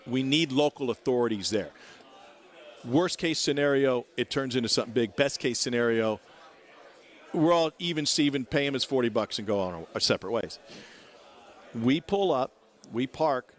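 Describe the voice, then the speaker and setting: A man's voice: medium pitch, a little fast. A man in his forties from Missouri, telling a long story on talk radio and acting out the people in it. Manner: acts out the people in his story with lively voices. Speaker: guest storyteller. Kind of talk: animated anecdote on talk radio.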